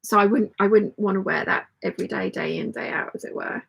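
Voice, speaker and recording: Husky, gravelly woman chatting while sewing. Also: mid-range voice, brisk, low-quality recording. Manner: chatty and rambling, thinks aloud while sewing; reads out and answers viewer comments. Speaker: sewing channel host. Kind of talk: casual live stream chat.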